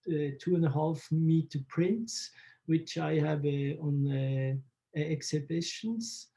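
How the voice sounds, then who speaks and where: Man, slow unhurried talk, gravelly warm voice, halting English. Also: fairly high pitch. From Switzerland. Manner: halting non-native English, searching for words. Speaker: photographer interviewee. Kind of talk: interview answers.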